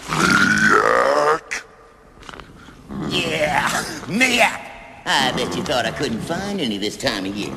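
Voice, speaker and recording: A man's voice: mid-range voice, sing-song, takes it slowly, creaky, long pauses, crowd noise, exaggerated voice. An actor playing a goofy, overconfident country bumpkin man, taunting with a brash drawl, in an echoey film clip.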